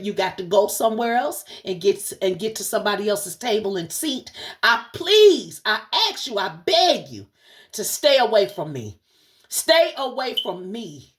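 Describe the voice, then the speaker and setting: A woman running a livestreamed spiritual message as channel host, speaking fervently and preacherly, cursing often and talking straight to her audience. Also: medium pitch. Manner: addresses the audience directly and repeatedly.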